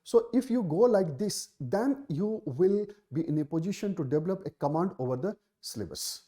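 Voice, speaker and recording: Indian English male exam tutor, live Q&A, lively pitch, mellow tone, repeats key points. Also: moderate pace. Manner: emphatic, repeats key phrases, many fillers. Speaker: exam coaching teacher. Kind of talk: live Q&A session answering student questions.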